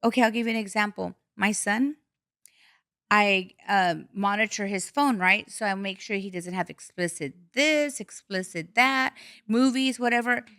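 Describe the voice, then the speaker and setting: Bright-voiced woman, blunt podcast host. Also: mid-range voice, moderate pace, no echo, studio quality. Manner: blunt, animated storytelling with swearing. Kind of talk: casual chat.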